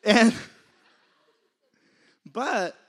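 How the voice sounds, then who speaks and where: A man's voice: very high voice, drawn-out words, a bit bright. A young man giving a casual sermon, conversational and laughing often, sometimes losing his train of thought. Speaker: preacher.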